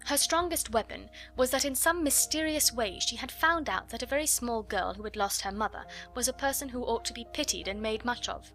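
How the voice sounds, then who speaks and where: A woman's voice: mid-range voice, bright, forceful tone. A woman narrating a classic children's novel as an audiobook reader, telling it expressively. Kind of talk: scripted narration.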